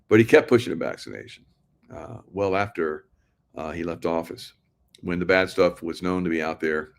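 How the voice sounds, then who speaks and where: Low-voiced man ranting sardonically. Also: steady tone, moderate pace. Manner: sardonic, laughs often, rambling restarts. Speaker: political commentary host. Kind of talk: casual monologue to viewers.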